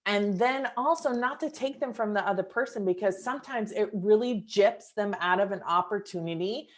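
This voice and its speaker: A woman in her fifties, calmly hosting a reflective coaching conversation. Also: medium pitch, moderate pace. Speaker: coach and host.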